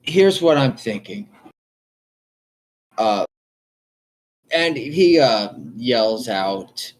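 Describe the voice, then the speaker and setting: A man narrating as dungeon master in a tabletop game, calm and measured. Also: lowish voice, poor audio.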